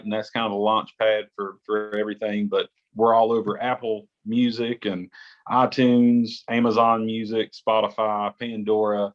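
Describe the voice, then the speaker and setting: A man's voice: on the low side, highs cut off. A man from West Virginia, a gospel singer, talking casually as a podcast guest and rambling with lots of restarts. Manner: rambling, restarts often, says "like" a lot. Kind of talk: casual interview chat.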